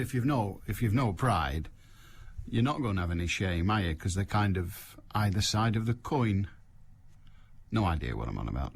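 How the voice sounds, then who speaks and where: Bloke hosting a radio phone-in, bit husky, dry self-deprecating jokes. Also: male voice, mid-range voice. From England. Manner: dry self-mocking banter. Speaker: radio call-in host. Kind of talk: casual chat. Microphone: studio microphone.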